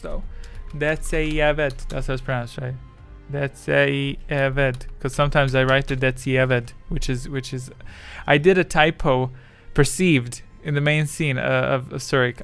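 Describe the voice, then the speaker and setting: A man talks loosely through a live stream with a gravelly, fry-tinged voice. He rambles, curses and reads viewers' messages aloud. Faint music plays underneath. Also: medium pitch, a bit bright. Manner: rambling, swears freely, reads chat aloud. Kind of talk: casual livestream chat.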